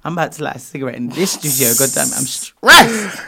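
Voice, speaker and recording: A man hosts a casual podcast in a playful, teasing way. His pitch leaps around with lots of drama. The recording carries some steady background noise. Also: a little fast, gravelly. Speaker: podcast host. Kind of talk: casual chat.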